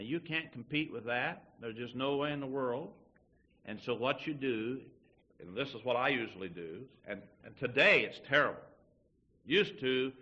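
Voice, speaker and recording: Folksy preacher guy doing the voices, dull old tape sound. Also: medium pitch. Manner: folksy, acts out little dialogues. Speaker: pastor. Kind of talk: sermon.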